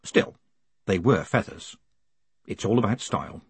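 A man narrating an audiobook in a wry, measured storytelling manner. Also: fairly low pitch, lively intonation, creaky, breathy edge, no room sound. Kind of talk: scripted narration.

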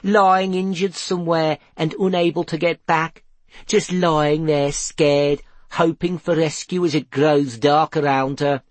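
A man's voice: steady tone, a little slow, dry recording, lightly acted. A man voicing a frantic, fussy mother who wails shrilly over her missing child. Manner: wailing, shrill.

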